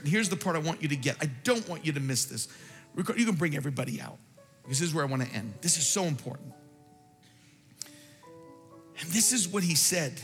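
Male preacher, bright forceful voice, slightly high, fervent storytelling, long hall reverb, faint music. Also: lively intonation. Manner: building from brisk storytelling to fervent, emphatic preaching. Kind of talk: storytelling sermon.

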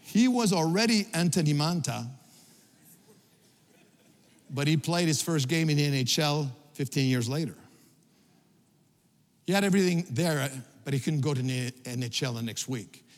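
Middle-aged male pastor, sermon delivery, slightly high voice, halting repeats, loud emphatic peaks, long hall reverb. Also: animated.

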